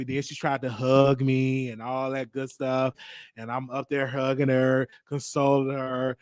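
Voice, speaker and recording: A man hosting a show, telling a comic story in a lively, joking monologue. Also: a little fast, no room sound, clean studio sound. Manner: animated storytelling, jumping into high voices for others. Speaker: host. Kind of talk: comedic monologue.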